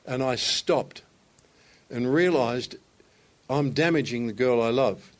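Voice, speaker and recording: A man's voice: mid-range voice, slow. An older man delivering a sermon. He tells stories with emphasis and builds to raised, fervent passages. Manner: storytelling, emphatic, rising to raised intensity. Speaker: pastor.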